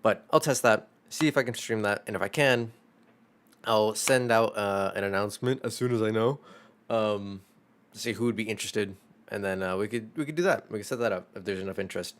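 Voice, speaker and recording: A man's voice: fairly low pitch, a little fast. A young man, a streamer, chatting casually in a rambling, self-deprecating way, swearing freely. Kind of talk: casual chat.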